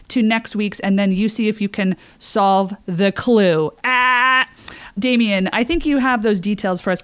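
A woman's voice: a little high, no room sound. A woman co-hosting a podcast, chatting enthusiastically and telling stories. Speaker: podcast co-host. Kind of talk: casual podcast chat.

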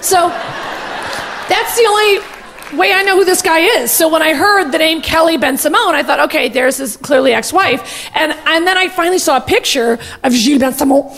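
A brash woman comedian in her forties, gossiping loudly into a stage mic with a high, gravelly voice. A faint murmur of noise sits under her set. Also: a little fast. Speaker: stand-up comedian. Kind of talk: stand-up comedy.

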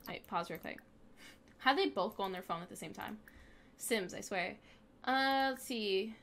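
A woman's voice: medium pitch, measured pace, fairly bright tone, slight background noise. A young woman hosting a gaming video, casually commenting on her play and scolding the game characters as she goes. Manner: chatty, talks back at the game characters.

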